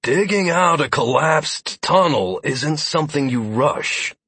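A man voicing a big, stubborn male labourer who speaks in a firm, annoyed, deliberate way. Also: on the high side, animated, sharp tone, breathy edge, no room sound, pitched above the performer's own voice, exaggerated voice.

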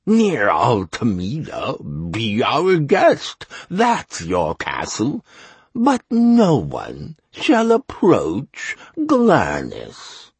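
A man's voice: medium pitch, very animated, slow pace, slightly rough, no room sound, heavily acted. A man voicing a smug masked male councilman who makes pompous legal proclamations in a sing-song way. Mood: gloating.

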